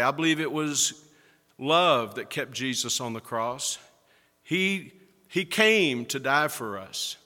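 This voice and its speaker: A male pastor preaching a sermon, slowing down and building up to stress key words. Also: mid-range voice, pushed and bright. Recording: echoey hall with long reverb.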